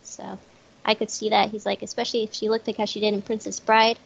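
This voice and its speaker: A woman's voice: mid-range voice, little pitch movement, quick pace, vocal fry, slightly rough. Giggly Southern woman on muffled audio. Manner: giggly, easygoing. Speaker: podcast guest co-host. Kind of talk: casual chat. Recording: dull lo-fi audio.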